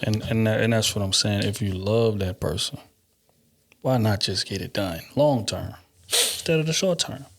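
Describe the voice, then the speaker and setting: A man's voice: on the low side, normal speed. A man co-hosting a podcast, relaying scenarios that listeners send in, in a casual conversational tone. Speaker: podcast co-host. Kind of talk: casual chat.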